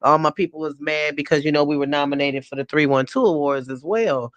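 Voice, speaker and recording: A man with a Chicago accent hosts a radio show in a lively, playful way and talks right to the listeners. His voice sits slightly high. The sound is dry and close. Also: brisk, no echo. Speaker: radio host. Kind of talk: casual radio chat.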